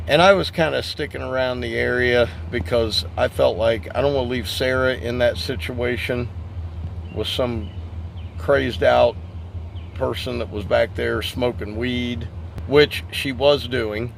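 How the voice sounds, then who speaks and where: A man's voice: medium pitch, fairly even intonation, unhurried, vocal fry, slight background noise. A man who runs a lawn care business, telling a story casually to camera and talking straight to his viewers. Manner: chatty, addresses viewers as guys. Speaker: lawn care business owner and channel host.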